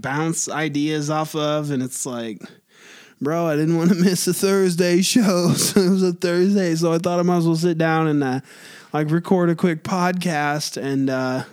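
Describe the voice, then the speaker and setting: A young man hosting a solo podcast, rambling casually with lots of restarts and filler words. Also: fairly high pitch. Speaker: podcast host.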